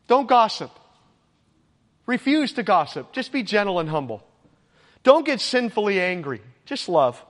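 A man's voice: high-pitched, fairly bright tone. A man preaching a sermon, earnest and exhorting, at times emotional. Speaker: pastor. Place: church sanctuary. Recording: long hall reverb.

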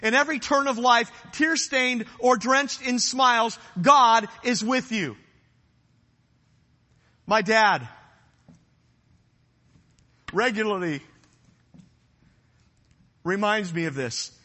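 A man's voice: very high-pitched, takes it slowly, long pauses, bright, forceful tone, in a large hall. A man preaching a sermon, earnest and emphatic, repeating phrases for effect.

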